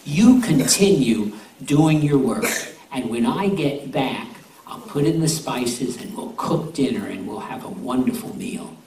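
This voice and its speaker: A man voicing a gentle old grandmother who speaks slowly and warns her grandson. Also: mid-range voice, expressive, a little hiss or hum, pitched below the performer's own voice. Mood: cautioning. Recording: roomy live sound from a distance.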